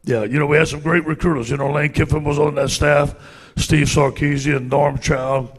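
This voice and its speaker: Man, Cajun accent, husky gravelly voice, animated folksy anecdotes, middle-aged coach. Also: a little high, normal speed, big-room sound. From Louisiana. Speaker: guest speaker, football coach. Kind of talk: storytelling speech to a club audience.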